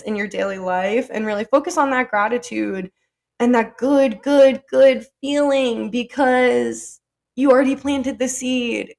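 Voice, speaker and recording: A woman hosting a solo podcast, talking in a chatty, blunt, profane way full of "like". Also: a little high. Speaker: podcast host. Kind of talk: casual solo podcast monologue.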